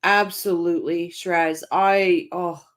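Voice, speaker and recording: A woman's voice: on the low side, fairly even intonation, slow. A woman hosting a casual live-stream, reading out viewer comments by name and answering them with emphatic, impassioned commentary, often repeating her phrases.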